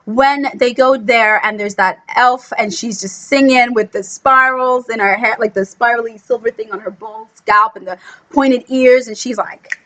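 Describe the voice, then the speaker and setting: A woman chatting casually in a film review vlog, gushing and excitable, full of "like" fillers, acting out quotes with sudden squeals. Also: moderate pace, low-quality recording. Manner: acts out quotes with sudden high squeals and whispers. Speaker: book blogger reviewing a film. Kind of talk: casual chat.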